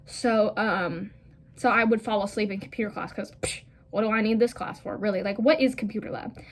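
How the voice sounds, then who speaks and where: A woman's voice: mid-range voice, steady tone, fairly quick. A young woman telling a casual storytime vlog, rambling with lots of "like" fillers and blunt, profane asides. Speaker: vlogger.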